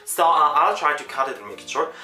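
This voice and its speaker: A woman in her twenties chats to camera in English that is not her first language, rambling on and correcting herself as she goes. Her voice is bright and swings widely up and down in pitch. The room is echoey, with faint music underneath. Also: expressive, quick pace. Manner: rambling, chatty, self-correcting. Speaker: vlogger. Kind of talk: casual chat to camera.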